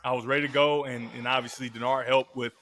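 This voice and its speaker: A man in his thirties, a podcast guest and former quarterback, telling stories in a casual, slangy, animated way. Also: medium pitch, quick pace. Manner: animated, slangy storyteller who acts out quotes. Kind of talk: casual storytelling.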